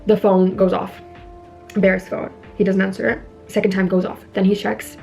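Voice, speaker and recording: A woman's voice: mid-range voice, level tone, moderate pace, vocal fry, dark tone, soft background music. Chatty young woman retelling a film. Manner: chatty, lots of "like" fillers, retells dialogue. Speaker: beauty vlogger recapping a horror film. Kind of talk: casual chat while doing makeup. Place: indoors at home.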